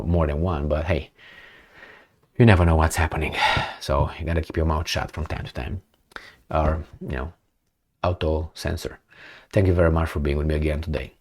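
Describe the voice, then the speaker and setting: A man hosting a casual political commentary, blunt and animated, who acts out imagined conversations as he goes. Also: deep voice.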